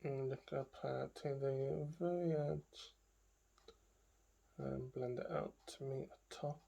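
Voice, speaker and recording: A woman's voice: very deep voice, fairly even intonation, slow, gravelly, warm tone, lo-fi sound. A woman beauty vlogger talking casually through a makeup tutorial, chatting to herself and trailing off into murmured asides as she works.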